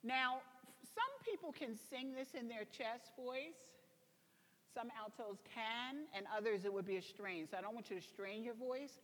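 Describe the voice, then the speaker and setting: A woman's voice: on the high side, expressive, unhurried, a bit bright, in a large hall. A woman coaching a choir through a gospel song, speaking her instructions and breaking into sung demonstrations. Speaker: vocal coach teaching a choir. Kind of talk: singing lesson.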